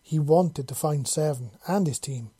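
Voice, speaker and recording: An audiobook narrator reading a story aloud in a steady, even storytelling manner. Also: mid-range voice, a little slow, breathy edge, no echo. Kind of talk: reading fan fiction aloud.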